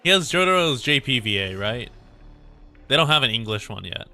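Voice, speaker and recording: A man's voice: medium pitch, big pitch swings, moderate pace, sharp tone, soft background music. A young man streaming live on a desk mic, chatting casually and self-mockingly, often breaking into giggles as he reads a game story. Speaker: virtual streamer.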